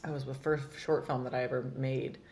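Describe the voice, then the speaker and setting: A woman's voice: a bass voice, little pitch movement, a little fast, darkish tone. A woman actor talking as a podcast guest, candid and rambling with lots of filler words. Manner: candid, rambling, heavy use of "like". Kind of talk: casual interview chat.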